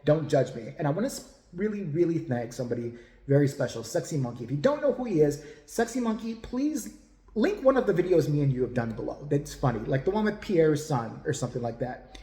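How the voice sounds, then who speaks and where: A man's voice: a little high, sing-song, fairly quick, dark tone, reverberant, long reverb tail. A man hosting a podcast, talking casually to viewers in a blunt, rambling, profane way. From United States. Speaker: podcast host.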